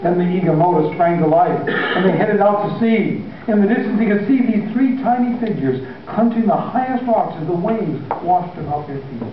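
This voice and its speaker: An impassioned male preacher delivers a sermon with emphatic, repeated lines in a fairly high voice. He sounds far from the mic in a large hall with heavy echo, and the recording is dull with faint noise. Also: expressive, moderate pace.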